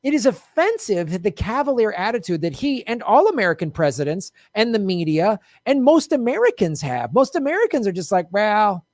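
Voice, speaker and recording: A man's voice: high voice, very animated, a little fast, hardly any pauses, darkish tone, no echo, clean studio sound. A middle-aged man hosting a casual political commentary show, heated and sarcastic, swearing freely.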